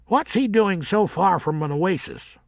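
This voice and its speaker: A man's voice: high-pitched, sing-song, unhurried, gravelly, darkish tone, no room sound, clean studio sound, voice pushed up, full character voice. A man voicing a cheerful, cheeky male ghost bat with a folksy way of talking.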